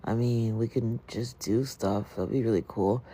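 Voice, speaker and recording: A woman mimicking a gloomy monotone man. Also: measured pace, breathy edge, dry recording, full character voice. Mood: glum. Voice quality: monotone, mumbling, low and quiet. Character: flat, miserable young man on the phone.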